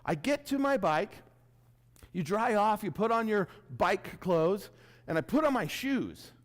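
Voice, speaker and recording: A keynote speaker addresses an audience in a large hall, his high, sing-song voice moving at a measured pace. He tells a self-mocking story, acting out his own reactions as he goes.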